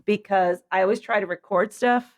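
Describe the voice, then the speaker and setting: A woman's voice: medium pitch, a little fast, no echo. A sleepy woman talks loosely on a podcast, wandering through a story and slipping into goofy voices for the people in it. Her sound is close and dry, with no room around it. She keeps the tone casual and comedic. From United States. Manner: rambling, playful, acts out quotes in silly voices. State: tired and sleepy. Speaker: podcast co-host.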